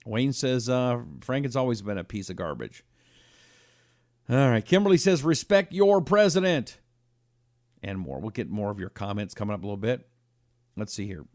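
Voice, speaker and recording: A man hosting a live talk show, reading an ad and viewer comments in an animated, emphatic way. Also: medium pitch, normal speed, long pauses, no room sound, studio quality.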